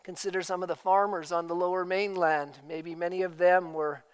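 A man's voice: high-pitched, level tone, normal speed, clean tone, low-quality recording. A man preaching a sermon as pastor, emphatic and full of rhetorical questions.

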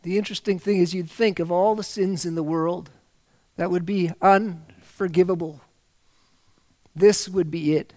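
A man preaching a sermon, reading scripture aloud and rising to loud, slowed emphasis on key phrases. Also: high voice, no echo.

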